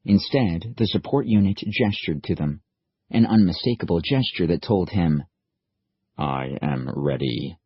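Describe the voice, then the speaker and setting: Deep husky guy reading an audiobook, steady, dry muffled sound. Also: moderate pace, no room sound. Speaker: audiobook narrator. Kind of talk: scripted narration.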